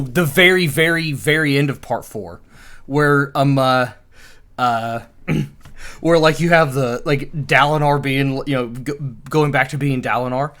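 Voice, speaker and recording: A man's voice: mid-range voice, fairly bright tone. A man co-hosting a casual book-club podcast, rambling with many fillers and restarts. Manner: rambling, many fillers, acts out character dialogue. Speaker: podcast co-host.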